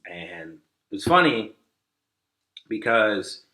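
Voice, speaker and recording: A man's voice: on the low side, very animated, slow pace, sharp tone, echoey room, low-quality recording. A man guest on a podcast, telling a story casually, rambling with lots of "like" and acting out what people said. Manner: rambling, many "like" fillers, acts out quoted dialogue.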